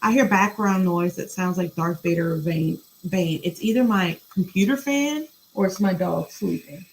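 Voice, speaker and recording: A woman's voice: fairly low pitch, moderate pace, a little mellow, slight background noise, low-quality recording. A woman hosting a podcast from a room at her home computer, reading emails aloud and commenting on them in a blunt, profane, casual way.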